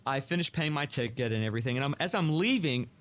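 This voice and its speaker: A man telling a long work story on a podcast in a casual, animated way, often acting out what others said. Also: medium pitch, fast. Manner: animated, acts out quoted voices.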